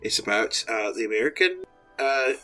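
A man's voice: mid-range voice, expressive, pushed and bright, soft background music. A man doing a fumbling director with a shaky Kiwi accent. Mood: halting. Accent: weak attempted New Zealand. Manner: halting, full of uhs and ums. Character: hesitant male film director at a premiere. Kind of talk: improvised comedy role-play.

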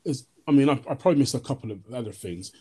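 A man's voice: mid-range voice, animated, very fast, warm tone, slightly rough. A man co-hosting a podcast, asking the guest long questions with plenty of hesitations and restarts. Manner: hesitant, many ums and restarts. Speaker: podcast co-host. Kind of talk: interview questions.

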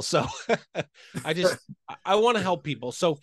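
Man, real estate coach on a podcast, earnest, rapid, slightly high voice, dry close sound. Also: expressive, dry recording. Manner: earnest, fast, enthusiastic talker with frequent "right?" tags. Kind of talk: podcast guest interview.

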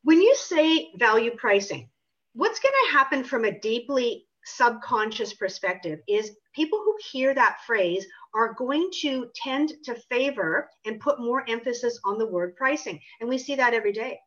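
A woman's voice: a little high, expressive, normal speed, a bit bright. A woman author answering interview questions in an emphatic, assertive way. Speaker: author and pricing consultant. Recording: dull lo-fi audio.

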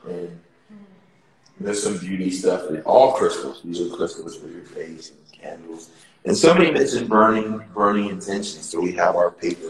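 A man giving a relaxed, enthusiastic tour of his indoor studio over a phone live stream, often repeating phrases. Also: low-pitched, roomy sound, low-quality recording. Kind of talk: casual walkthrough on a live stream.

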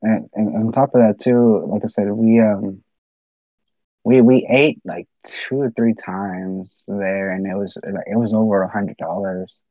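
A man's voice: on the low side, steady tone, a little slow, no room sound, dull audio. A man telling rambling stories in casual chat, full of fillers and swearing. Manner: rambling storyteller, swears a lot, many fillers.

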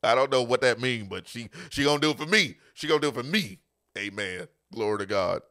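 A man who is a pastor and podcast host, talking in an emphatic preaching style, repeating phrases for stress and dropping quieter to tell a story. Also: medium pitch, a little fast, no echo, clean studio sound.

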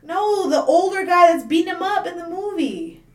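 A woman's voice: very high voice, expressive, moderate pace, crowd noise. A woman co-hosting a casual podcast chat, giggly and emphatic. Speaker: podcast co-host. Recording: echoey room.

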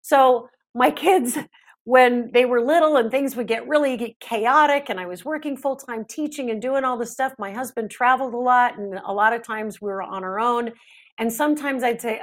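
A middle-aged woman, a parenting expert guest on a podcast interview, talking in a chatty, animated way. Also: a little high, moderate pace.

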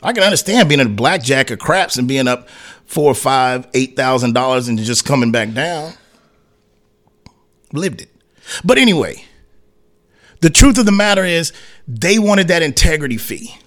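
A man's voice: on the high side, animated, normal speed, long pauses, a bit bright. A man hosting a sports talk radio show, ranting in a heated, rambling, slangy way and slipping into mocking voices. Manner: heated, rambling, slangy rants full of acted asides.

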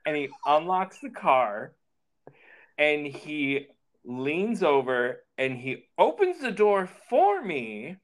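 A man on a podcast, telling a personal story in a casual, animated way, swearing freely and acting out the dialogue. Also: fairly high pitch, slow, a little hiss or hum.

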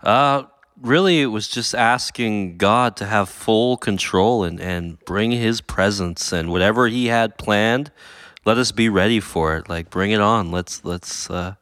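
Pastor guy, kinda low voice, earnest and halting, dry close sound. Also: fairly bright tone, no room sound. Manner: halting, earnest, restarts phrases. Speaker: guest pastor. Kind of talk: reflective conversation.

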